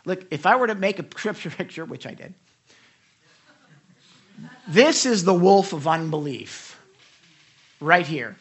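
A preacher giving an animated devotional sermon, retelling scripture with many repeated starts and asking listeners direct questions. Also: medium pitch, measured pace, pauses often, husky.

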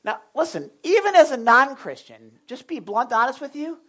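A young man preaching a sermon as a pastor in a blunt, animated storytelling way, swinging from loud outbursts to quiet asides. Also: very high-pitched, moderate pace, hardly any pauses. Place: church sanctuary.

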